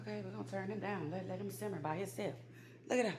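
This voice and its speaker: A woman in a casual home remedy vlog, chatty and folksy, calling viewers baby and y'all, slowing down whenever she reads from her notes. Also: medium pitch, heavy background noise. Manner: slows down when reading from notes. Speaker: holistic healer vlogger. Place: home kitchen and backyard garden.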